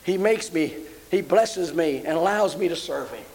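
A man's voice: animated, moderate pace, a little mellow, poor audio. An older man preaching a sermon, telling a story and rising into fervent praise. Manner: fervent, rising to high emotional exclamations.

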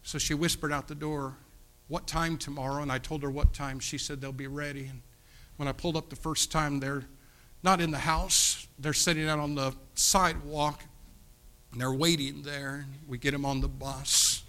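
Earnest preacher telling a story. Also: male voice, fairly high pitch, little pitch movement, moderate pace. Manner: earnest, pleading, swings from loud to hushed. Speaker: pastor. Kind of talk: storytelling sermon.

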